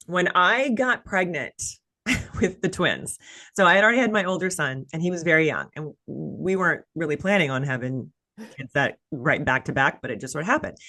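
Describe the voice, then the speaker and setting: A woman's voice: lowish voice, bright, forceful tone. A woman in her thirties from the American South, hosting a casual interview and telling stories with many "like" fillers. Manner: chatty storyteller, many "like" fillers. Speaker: podcast host.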